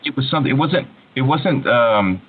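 A man in casual interview chat, an animated storyteller who often restarts his sentences. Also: mid-range voice, moderate pace. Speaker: voice actor guest. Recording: tinny phone-like line with faint hiss.

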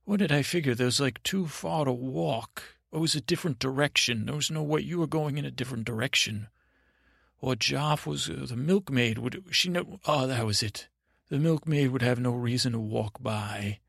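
A man's voice: mid-range voice, normal speed, vocal fry, a bit bright, slightly rough, no room sound, studio quality. A man hosting a sleep podcast, telling a meandering bedtime story in character, with hesitant, wandering phrasing. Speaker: podcast host.

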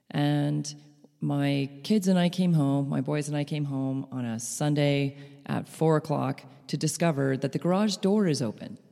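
A middle-aged woman telling a personal story to listeners, animated, laughing lightly between phrases. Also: low voice, creaky. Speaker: speaker. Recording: long hall reverb.

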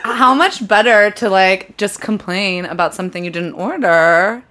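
A woman co-hosting a podcast in casual comedic banter, teasing, laughing often and firing back quick retorts. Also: medium pitch, pushed and bright. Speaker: podcast co-host.

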